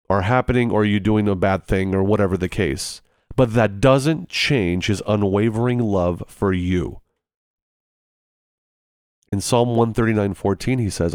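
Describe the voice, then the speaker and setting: A man preaching with a fairly low voice, urging and pleading with his listeners and repeating lines to drive them home. The sound is dry and close, with no room around it. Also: darkish tone, dry recording. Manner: earnest, pleading, repeats phrases for emphasis. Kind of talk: sermon.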